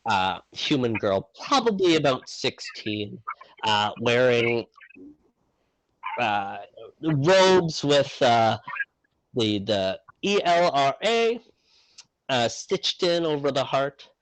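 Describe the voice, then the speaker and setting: A man narrates a tabletop game as its game master, in a mid-range voice. He speaks slowly and takes his time, improvising with relaxed fillers. The recording is dry and close. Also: mid-range voice, no room sound, rough recording. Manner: relaxed, frequent fillers and restarts while improvising.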